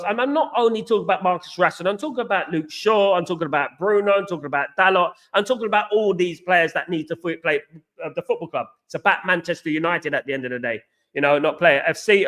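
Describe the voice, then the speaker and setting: A man's voice: a little high, a bit bright. A man hosting a casual live chat, reading out viewer comments and answering emphatically, often repeating himself. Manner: emphatic, repeats "absolutely" and "you know what".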